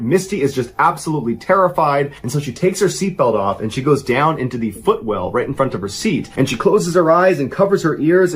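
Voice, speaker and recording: A man in his thirties narrating a true horror story for a podcast. He builds tension, and his pitch climbs at the frightening moments. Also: slightly rough.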